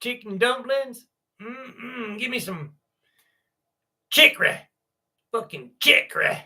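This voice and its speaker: A man's voice: very high voice, expressive, slow pace, vocal fry, pushed and bright, voice pushed up, full character voice. A man voicing a folksy, rowdy Southern country man in an exaggerated mock Southern American accent, hollering now and then. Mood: hammy. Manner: exaggerated drawl with hollered exclamations.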